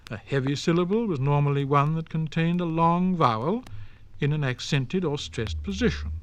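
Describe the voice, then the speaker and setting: A man giving a scripted lecture in a precise, deliberate way, slowing down to sound out example words, on a dry 1960s studio LP recording. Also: on the high side, no room sound. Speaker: lecturer on Old English. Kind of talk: scripted spoken-word lecture.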